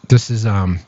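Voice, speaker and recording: A man's voice: on the low side, mellow, no echo, highs cut off. Exasperated man ranting on a stream. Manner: exasperated, sarcastic, rhetorical questions. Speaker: political commentary host. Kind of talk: live-stream political commentary.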